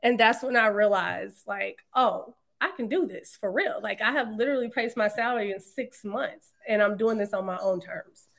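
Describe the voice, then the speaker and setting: A woman in her thirties, a podcast guest, telling her story in a casual, animated way and laughing often. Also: medium pitch, normal speed, creaky, few pauses. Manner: animated, laughs often, quotes others in lively voices. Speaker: podcast guest, marketing entrepreneur.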